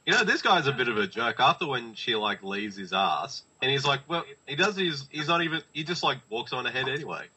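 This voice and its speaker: A man's voice: mid-range voice, animated, brisk, hardly any pauses, bright, forceful tone, lo-fi sound, slight background noise. A man co-hosting a podcast who laughs a lot and slips into silly voices while mocking a movie. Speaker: podcast co-host. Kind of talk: casual movie commentary chat.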